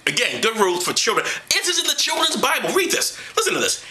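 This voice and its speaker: A man's voice: very high-pitched, huge pitch swings, fast, pushed and bright. A man reading Bible passages aloud and mocking them with profane, sarcastic rants. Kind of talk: sarcastic comedic Bible commentary.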